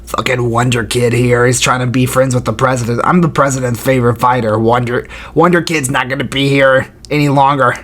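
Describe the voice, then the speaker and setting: A man's voice: medium pitch, steady tone, fairly quick, few pauses, fairly bright tone, voice pushed down, close to an everyday voice. A man putting on the voice of a brash fighter who insults his rival. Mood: taunting. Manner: insulting, mocking. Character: brash male fighter, trash-talking rival.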